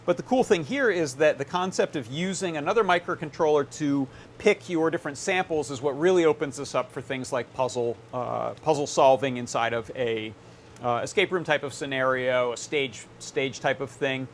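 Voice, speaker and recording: A man hosting a live electronics workshop, explaining his setup in a relaxed, casual way with plenty of filler words as he tinkers. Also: mid-range voice, moderate pace, a little hiss or hum.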